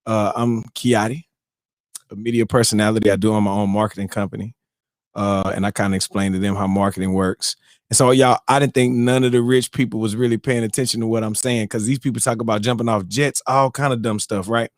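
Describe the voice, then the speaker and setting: A man hosting a morning show, telling stories in an animated, laughing way with loose slang. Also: lowish voice, brisk, dry recording, studio quality. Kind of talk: casual chat and storytelling.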